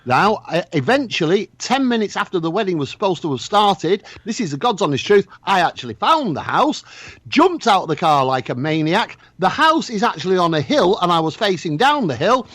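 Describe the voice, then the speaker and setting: A man with a fairly high, husky voice that swings widely in pitch as he spins a comic story. The sound is dry and close, with no room around it. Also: a little fast, no echo. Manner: animated storyteller, jokey. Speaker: co-host. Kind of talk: casual banter.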